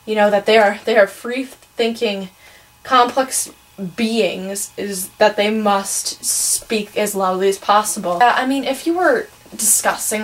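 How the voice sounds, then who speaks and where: A woman's voice: medium pitch, poor audio. Teenage girl with a Wisconsin accent. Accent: Wisconsin, Midwestern American. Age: teens. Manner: chatty, opinionated, many ums and sos. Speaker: vlogger. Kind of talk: casual ranting vlog.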